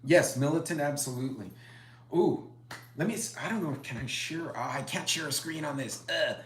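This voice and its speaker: A middle-aged preparedness host with a fairly high voice and lively intonation talks at a moderate pace, rambling and chatty as he greets commenters on a casual live stream. The room sounds echoey.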